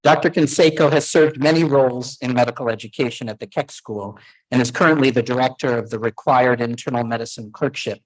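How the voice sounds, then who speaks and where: A man at a podium microphone in a large auditorium, giving a formal, measured introduction of the next speaker at a ceremony. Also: medium pitch, low-quality recording.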